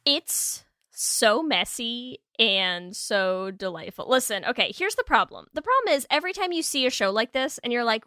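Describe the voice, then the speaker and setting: Woman podcast co-host, bright tone, lively and swearing, dry sound. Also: on the high side, normal speed, clear, resonant tone, no echo. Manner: giggly, animated, swears casually. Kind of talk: casual podcast chat.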